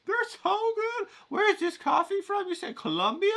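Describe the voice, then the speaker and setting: A man putting on the high falsetto voice of a fawning, gushing mother. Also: very animated, fairly bright tone, full character voice. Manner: high falsetto, breathy and drawn-out. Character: gushing, fawning middle-aged mother, woman.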